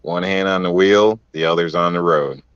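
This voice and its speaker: A man on a podcast throwing out crude riddle jokes in a flat, deadpan way. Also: low voice, normal speed, smooth, no echo, highs cut off. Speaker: podcast co-host. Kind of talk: casual chat, telling crude riddle jokes.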